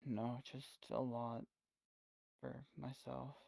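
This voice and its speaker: Soft-spoken, hesitant role-play player, man; slow, flat delivery. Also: medium pitch, gravelly, no echo, rough recording. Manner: quiet, subdued and hesitant. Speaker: fellow player. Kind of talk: in-game role-play chat.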